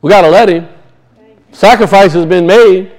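A man's voice: normal speed, low-quality recording. A middle-aged man preaching a sermon, swinging his voice up and down, repeating phrases and acting out quoted voices. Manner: animated preaching, rises and drops in pitch, acts out quoted voices; repeats and restarts phrases for emphasis.

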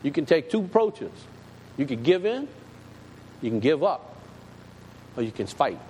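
A pastor preaching in a high voice that leaps up and down. He talks straight to his congregation in a folksy, emphatic way. His words ring with a long reverb, over a faint hum of background noise. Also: sing-song, a little slow, darkish tone. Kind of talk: storytelling sermon.

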